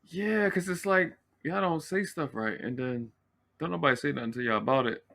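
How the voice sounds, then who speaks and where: A man's voice: fairly high pitch, lively intonation, moderate pace, gravelly, a bit bright. A man with a Baltimore accent, teasing and bantering in a casual panel chat. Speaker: panel co-host.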